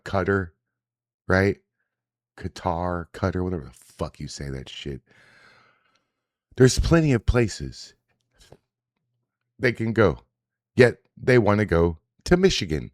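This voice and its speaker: A man's voice: low voice, a little mellow, no echo, clean studio sound. A man hosting a daily reaction livestream, ranting in a profane, combative, casual way. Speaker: host. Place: indoors, home setup.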